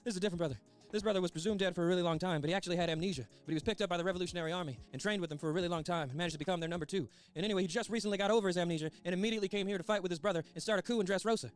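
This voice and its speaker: A man's voice: very fast, smooth, faint music behind, natural voice. A man voicing a frantic, breathless male henchman who blurts out panicky news in a cartoon recap. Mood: panicked. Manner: high, loud and panicky.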